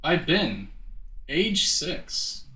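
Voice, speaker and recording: A man doing live gameplay commentary chats with his viewers, often laughing and tripping over his words. His voice is on the high side, sing-song, very slow, bright and forceful. Game music plays behind him in a roomy room.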